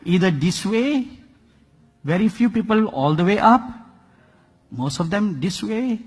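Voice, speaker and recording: A man preaching a sermon, telling a story with dramatic swings in loudness and rhetorical questions. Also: high voice, very animated, a little slow, long pauses, husky, in a large hall.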